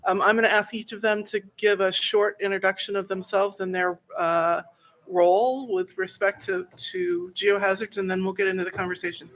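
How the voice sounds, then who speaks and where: A woman's voice: mid-range voice, fairly even intonation, moderate pace. A woman moderating a conference panel in a hotel ballroom, speaking in a friendly way with frequent fillers.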